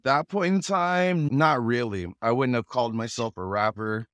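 A man's voice: medium pitch, moderate pace, no room sound. Male guest, Pacific Northwest native, easygoing storyteller, mid-range voice, dry close recording. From Pacific Northwest, USA. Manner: relaxed, chuckles often, acts out quoted voices. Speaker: guest, rapper and actor. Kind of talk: casual conversational storytelling.

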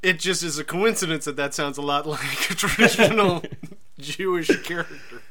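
A man co-hosting a podcast in casual comedic chat, cracking jokes and quick asides. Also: fairly high pitch, background noise. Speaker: podcast co-host.

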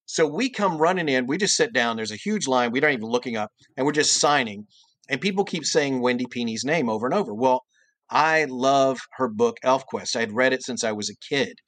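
A middle-aged man, a guest voice actor and cartoonist, telling a long anecdote in a podcast interview and leaping into high, exaggerated voices when he quotes people. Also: fairly quick, a bit bright, no room sound.

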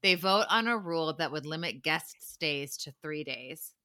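A woman with a low-set but bright, forceful voice recaps a reality show for a podcast. She talks casually and with animation, laughs often, and acts out the lines she quotes. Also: lively intonation, moderate pace, clean tone. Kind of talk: casual chat.

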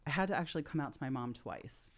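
A woman's voice: deep voice, lively intonation, fast. A woman in her forties, a podcast guest, telling personal childhood stories in a heartfelt, reflective way. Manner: heartfelt, reflective, openly emotional at times. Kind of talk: candid interview storytelling.

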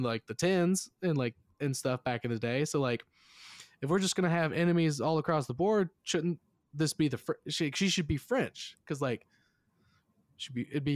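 A man's voice: on the high side, no room sound. Guy rambling on a movie podcast, says like constantly, dry close mic. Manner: rambling, heavy use of "like", swears casually. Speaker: podcast host. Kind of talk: casual movie review chat.

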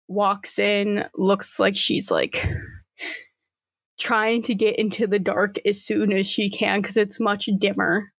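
A young woman narrating a tabletop game as game master, slow and casual, peppered with fillers and the odd curse. Her voice has a gravelly fry. The recording is dry and close. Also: mid-range voice, no room sound. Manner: casual, loose, with many fillers and swearing.

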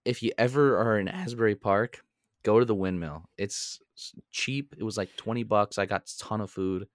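Jeune homme, conteur animé, voix grave. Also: male voice, moderate pace, dry recording, studio quality. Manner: animated storyteller, jumps into high voices when quoting. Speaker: podcast co-host. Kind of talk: casual storytelling.

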